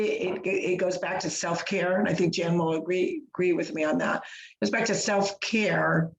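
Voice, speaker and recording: A woman co-hosting a podcast, telling a long personal story in a chatty, animated way with lots of fillers and restarts. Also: on the low side, gravelly, highs cut off. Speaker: podcast co-host. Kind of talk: casual podcast chat. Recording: roomy echo.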